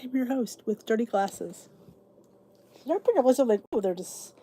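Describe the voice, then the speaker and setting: A woman's voice: a little high, expressive, moderate pace, mellow, a little hiss or hum. A middle-aged woman hosting a casual livestream chat, greeting viewers by name and chatting freely. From United States. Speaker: host.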